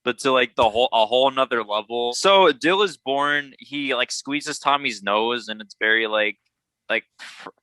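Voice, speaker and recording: A young man chatting casually about a movie, full of fillers and quick laughs. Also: mid-range voice, bright, forceful tone, clean tone, no room sound, low-quality recording. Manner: chatty, many fillers, laughs often, slips into cartoon voices. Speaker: podcast co-host.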